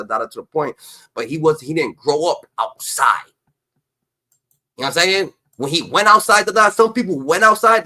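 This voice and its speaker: A man's voice: on the high side, pushed and bright. Heated, profane man ranting. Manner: heated, repetitive, profane, peppers speech with a filler tag. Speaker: commentator.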